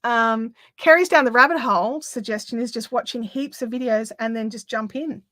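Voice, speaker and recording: A woman's voice: a little high, moderate pace, bright, forceful tone, no echo. A middle-aged Australian woman hosting a craft livestream, chatting casually with lots of fillers and reading out viewer comments.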